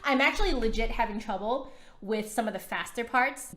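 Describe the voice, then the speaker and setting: A woman's voice: a little high, normal speed, over music. American woman talking in a roomy space. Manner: chatty, talks straight to viewers. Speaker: flutist reviewing an instrument. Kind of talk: casual livestream demonstration. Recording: roomy echo.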